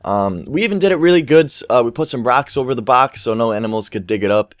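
A man's voice: medium pitch, lively intonation, quick pace, no room sound, studio quality. A young man telling a rambling story over gameplay, swearing freely and acting out what people said. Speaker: gaming commentary YouTuber.

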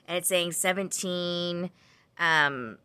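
A woman's voice: fairly low pitch, slow, bright, forceful tone, clean tone, dry recording. A woman vlogging about her crochet projects in a casual, rambling chat full of tangents, ums and self-corrections. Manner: chatty, rambling with side tangents.

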